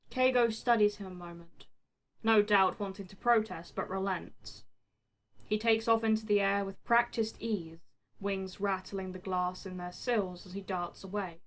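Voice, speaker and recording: Woman narrating fan fiction, middle pitch. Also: a little slow, low-quality recording. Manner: expressive, swears in the text freely. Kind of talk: reading fan fiction aloud.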